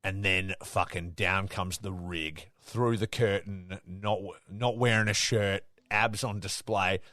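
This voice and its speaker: Low-voiced man telling excited wrestling stories. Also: slow pace, no room sound, clean studio sound. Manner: excitable storytelling, swears a lot, acts out quotes. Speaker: podcast co-host. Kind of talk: casual wrestling podcast chat.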